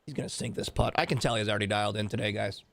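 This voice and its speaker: Gravelly-voiced man trash-talking a golf game. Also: lowish voice, rapid-fire, fairly bright tone, no echo. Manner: wry, teasing, trash-talking. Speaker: radio show co-host. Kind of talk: casual chat over a video game.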